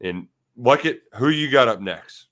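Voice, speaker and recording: A man with a middle-pitched voice banters about college football picks on a podcast. His tone is playful and jokey, and he often pokes fun at himself. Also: animated, a little slow, fairly bright tone. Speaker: podcast co-host. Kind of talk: casual sports betting chat.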